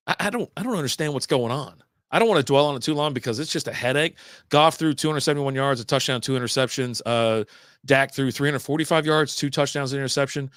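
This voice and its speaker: A middle-aged man hosts a casual beer stream from home, talking loosely and correcting himself as he goes. His voice sits at an ordinary pitch for a man. The sound is close and dry, with no room in it. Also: fairly bright tone, no echo. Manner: rambling, self-correcting, laid-back. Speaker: beer podcast host. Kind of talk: casual live-stream chat.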